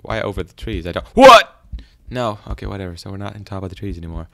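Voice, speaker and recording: A man's voice: sits low, steady tone, racing, creaky, dry recording. A man doing casual, rambling game commentary in a goofy, self-deprecating way, chatting to the animals on screen. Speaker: gaming YouTuber.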